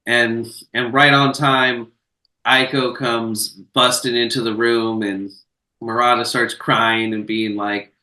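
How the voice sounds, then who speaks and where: A man co-hosting a podcast, casually recapping a movie scene by scene, swearing freely and slipping into quick quoted voices. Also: mid-range voice, level tone, bright, forceful tone. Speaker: podcast co-host. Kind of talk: casual film discussion. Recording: roomy, echoey, off-mic sound.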